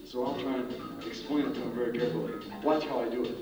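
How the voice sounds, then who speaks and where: A man performing a comedy routine, slowly and deliberately spelling out a strange room service order. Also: medium pitch, steady tone. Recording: distant echoey muffled recording with music.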